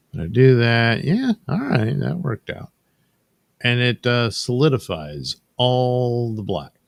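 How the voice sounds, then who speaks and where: A man's voice: medium pitch, no room sound, studio quality. A man casually narrating his drawing process with rambling, wry, sardonic asides. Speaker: cartoonist and channel host.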